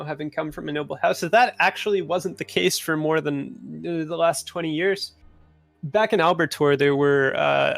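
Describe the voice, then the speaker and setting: A man narrating a tabletop game as game master, in a relaxed, unhurried way with many fillers. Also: on the high side, vocal fry, dry recording.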